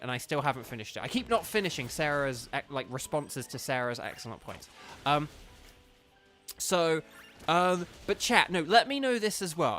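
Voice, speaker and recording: A man live-streaming a game, chatting loosely with his viewers, full of ums and quick laughs. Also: a little high, a bit bright. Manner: rambling, lots of ums and laughs, answers chat. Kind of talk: casual live-stream chat.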